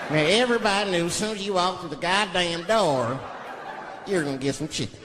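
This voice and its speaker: A man performing a stand-up comedy set, telling stories and shouting out the voices of other people. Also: high voice, a little fast, background noise. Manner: animated storytelling, shouting impressions of others. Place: large live venue with audience. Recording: reverberant live hall recording with crowd laughter. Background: audience laughter.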